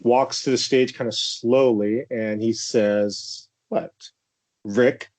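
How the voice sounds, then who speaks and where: A man with a mid-range voice hosts a relaxed podcast from his home. He keeps the chat moving with playful questions to his co-hosts. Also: medium pitch, slow pace. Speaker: podcast host. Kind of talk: casual chat.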